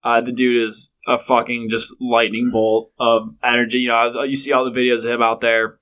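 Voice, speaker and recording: A young man co-hosting a podcast, chatting casually and profanely, acting out quotes in a loud storytelling way. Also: mid-range voice, flat delivery, moderate pace. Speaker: podcast co-host. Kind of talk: casual chat.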